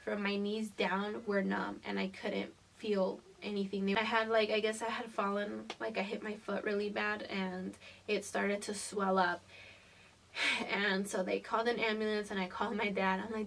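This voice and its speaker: A woman's voice: mid-range voice, little pitch movement, moderate pace, vocal fry, recorded from a distance, a little hiss or hum. Profane young woman telling a story. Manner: casual and profane, laughing through the story. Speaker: vlogger. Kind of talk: casual storytime vlog.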